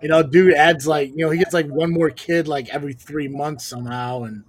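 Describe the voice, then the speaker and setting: A man hosts a loose live-stream chat about a wrestling show, his voice sitting a touch high. He jokes easily and keeps slipping into mock exasperation. The talk is relaxed and unscripted. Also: fairly quick, a little hiss or hum. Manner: joking, exasperated, mutters "Jesus". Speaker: podcast host and wrestling commentator.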